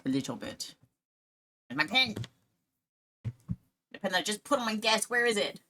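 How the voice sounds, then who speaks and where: A woman's voice: mid-range voice, very animated, moderate pace, bright, forceful tone, slight background noise. A woman streamer chatting casually while drawing, rambling, giggling often and joking at her own expense. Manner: giggly, rambling, self-mocking.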